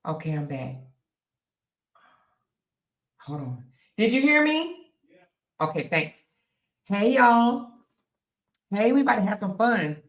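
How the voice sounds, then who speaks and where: A woman's voice: medium pitch, big pitch swings, takes it slowly, pauses often. Chatty woman live streaming. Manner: chatty, laughs often, speaks straight to viewers. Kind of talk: casual live stream chat. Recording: echoey room.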